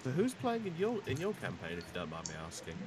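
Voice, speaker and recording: A man's voice: mid-range voice, wildly swooping pitch, quick pace, slight background noise, low-quality recording. A man running a tabletop game as game master, narrating and chatting in a hesitant, filler-heavy way.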